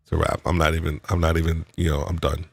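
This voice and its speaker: This man's voice rumbles low and stays level, and he talks fast on a dry recording. Hosting a live podcast chat, the New Yorker playfully teases his guests and muses reflectively, frequently using fillers and starting sentences over.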